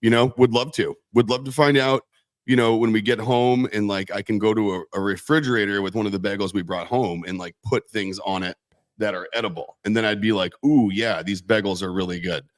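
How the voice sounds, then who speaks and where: A man's voice: on the low side, steady tone, fairly quick, no room sound. A man co-hosting a casual livestream, rambling and often restarting his sentences, with a mixed American accent picked up from moving around. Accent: mixed American accent from many moves. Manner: rambling, self-interrupting, repeats words. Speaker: co-host, company owner.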